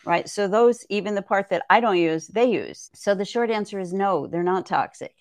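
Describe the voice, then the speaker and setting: A woman's voice: medium pitch, moderate pace, no echo, clean studio sound. A woman herbalist guest on a podcast, explaining things thoughtfully and often checking in with "right?". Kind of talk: conversational podcast interview.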